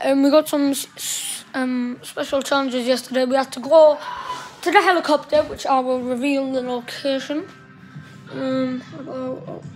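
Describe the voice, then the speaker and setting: A woman giving casual, rambling gameplay commentary, chatty and swearing mildly as she goes. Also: high-pitched. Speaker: gaming streamer.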